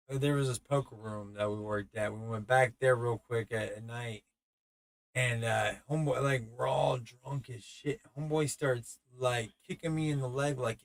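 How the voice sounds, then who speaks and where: A man in his thirties hosts a podcast, spinning loose, profane stories that keep restarting mid-sentence. His voice sits at an ordinary middle pitch. The sound is dry, with no room echo. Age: 30s. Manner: rambling, profane, many restarts and stammers. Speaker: podcast host. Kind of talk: casual storytelling.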